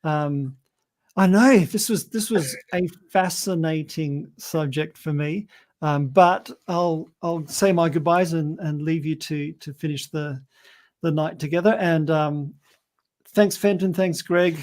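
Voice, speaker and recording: A man on a casual chat panel, speaking politely with halting restarts. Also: on the high side, a little mellow. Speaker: podcast panelist.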